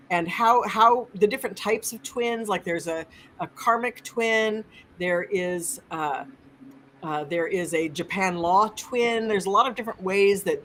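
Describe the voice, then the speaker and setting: A woman's voice: medium pitch, fairly bright tone. A woman guest on a live stream, enthusiastically explaining crystals with many restarts.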